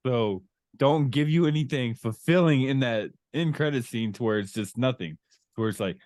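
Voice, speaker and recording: A man's voice: medium pitch, normal speed, darkish tone, no room sound, clean studio sound. A middle-aged man hosting a casual podcast chat with his son, rambling and searching for words as he recaps a movie. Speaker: podcast host, father.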